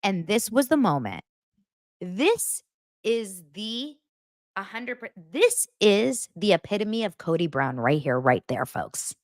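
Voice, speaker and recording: A woman hosting a podcast, recapping reality TV in a blunt, animated and profane way. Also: medium pitch, normal speed, hardly any pauses, dry recording, studio quality. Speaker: podcast host.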